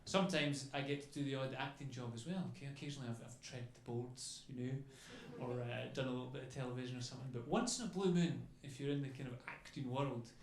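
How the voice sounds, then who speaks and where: With a handheld mic on a comedy club stage, a man keeps up a chatty routine, tagging "okay?" onto his lines. He talks at a quick pace with few pauses in a mid-range voice, over slight background noise in an echoey, faintly ambient club.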